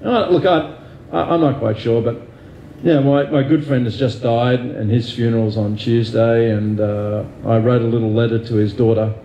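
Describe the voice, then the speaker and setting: An Australian man with a gravelly, mellow voice talks candidly in an interview, musing and poking fun at himself. He often restarts his sentences and fills pauses with "uh" and "you know." The room around him sounds echoey. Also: medium pitch, fairly even intonation, highs cut off, slight background noise. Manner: reflective, self-deprecating, many fillers and restarts. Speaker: guest neurosurgeon.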